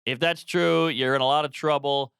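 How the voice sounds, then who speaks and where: Blunt cop leveling with a kid, quick and matter-of-fact, clear dry voice, as a man puts him on. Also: on the high side, steady tone, a bit bright, no echo. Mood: stern. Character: blunt male police officer questioning a kid.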